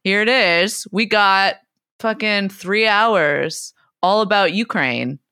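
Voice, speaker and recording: Bright, profane female podcast host. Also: mid-range voice, slow pace, clear, resonant tone, no echo, clean studio sound. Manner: profane, teasing, laughing often. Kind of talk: casual chat.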